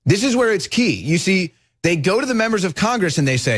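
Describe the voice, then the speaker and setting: Male talk radio host, high-pitched, heated and shouting, dry studio mic. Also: sing-song, fairly quick, few pauses, dry recording. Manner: fired-up, rising to shouts.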